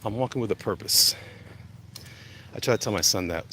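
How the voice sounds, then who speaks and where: A man chatting casually on a livestream while walking briskly outdoors, a bit out of breath, greeting viewers by name as he rambles. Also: fairly low pitch, creaky, sharp tone, slight background noise. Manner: reads chat names aloud, greets viewers, rambling. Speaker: comic artist livestreaming. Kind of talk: casual live-stream chat while walking. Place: outdoors walking through a neighborhood.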